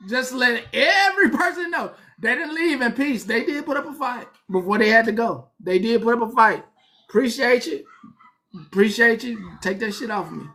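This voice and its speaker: High, bright-voiced man ranting. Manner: animated, profane, preachy. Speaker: livestream host. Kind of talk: casual livestream rant.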